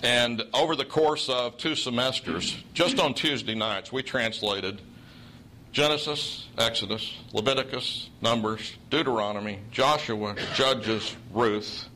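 A man's voice: mid-range voice, a little slow, pushed and bright, slight background noise, rough recording. A man from Oklahoma with a Southern accent, preaching a sermon in a folksy storytelling way with dry humor.

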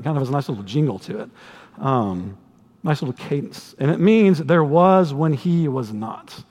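A man preaching a sermon to a congregation, conversational and animated, with humorous asides. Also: medium pitch, normal speed. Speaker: pastor. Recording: long hall reverb.

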